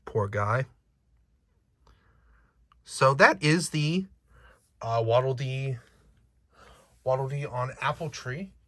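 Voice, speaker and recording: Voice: mid-range voice, takes it slowly, pauses often, bright, forceful tone. A chatty unboxing vlogger with a slight accent who talks playfully to viewers and cracks jokes along the way. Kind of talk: casual unboxing chat.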